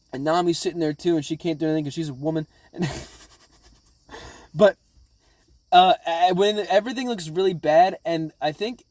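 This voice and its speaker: A man casually recapping episodes of a show, rambling and excitable, swearing constantly. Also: a little high, dry recording. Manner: rambling, profanity-laden, excitable. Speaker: anime reaction vlogger.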